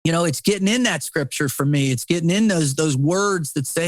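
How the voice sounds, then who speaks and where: A man's voice: fairly high pitch, fairly quick, few pauses, dry recording. A middle-aged man, a podcast guest and former Navy SEAL, talking in an intense, preachy way with lots of swearing, repeated words and "man.". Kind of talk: impassioned casual conversation.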